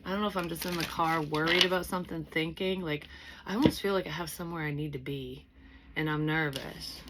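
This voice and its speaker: A young woman talks her way through a psychic reading in a low voice, circling back and restarting as she thinks aloud. She swears casually and never sounds scripted. A faint hiss of noise sits behind her. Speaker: psychic medium reader. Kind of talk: casual spoken tarot reading.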